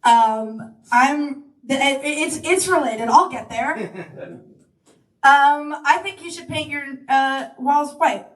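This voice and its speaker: A woman's voice: high-pitched, lively intonation, slow pace, distant mic. A woman comedian improvising stand-up, giggly and self-deprecating. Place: comedy club stage. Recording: roomy club sound from afar, crowd. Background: audience laughter.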